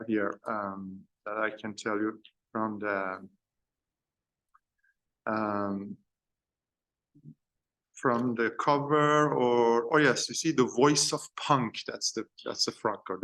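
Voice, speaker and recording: A man giving an informal university film lecture, often pausing and searching for words as he explains. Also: medium pitch, a bit bright. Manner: halting, searching for words between points.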